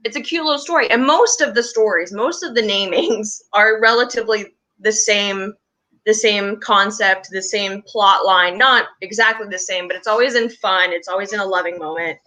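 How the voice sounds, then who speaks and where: A woman's voice: medium pitch, normal speed, bright, forceful tone, low-quality recording. A young woman from West Virginia chatting in an interview about her touring theater troupe, rambling and restarting often. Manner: rambling, restarts often, laughs between stories. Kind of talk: casual interview chat.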